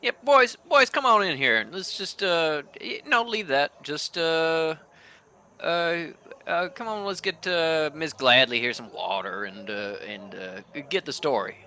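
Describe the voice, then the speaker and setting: A man's voice: on the low side, expressive, moderate pace, hardly any pauses, sharp tone, voice pushed down, exaggerated voice. A man voicing a brash, motherly older woman who leads a mercenary crew, with a folksy drawl. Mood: gruff.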